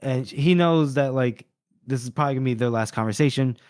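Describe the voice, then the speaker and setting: A man co-hosting a podcast, chatting loosely about a book and retelling scenes with quick snatches of character voices. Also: mid-range voice, a little mellow, clean tone, no echo, clean studio sound. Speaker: podcast co-host. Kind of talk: casual book discussion.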